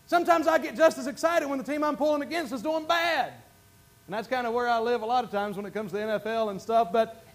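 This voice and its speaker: Pastor guy, really high voice, goes soft then yells out praise. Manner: swings from quiet asides to shouted bursts of praise. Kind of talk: sermon.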